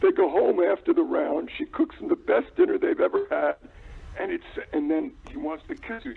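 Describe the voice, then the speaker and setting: A man calling in by phone, trading deadpan teasing banter with a broadcast team. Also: fairly high pitch, normal speed, creaky, breathy edge. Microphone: telephone. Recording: tinny phone line.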